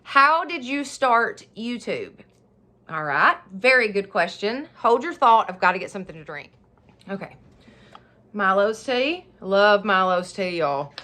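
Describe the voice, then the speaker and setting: Bright chatty woman vlogging. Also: medium pitch, sing-song, a little slow. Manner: chatty and rambling, laughs often. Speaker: YouTuber of a home decor channel. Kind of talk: casual Q&A vlog.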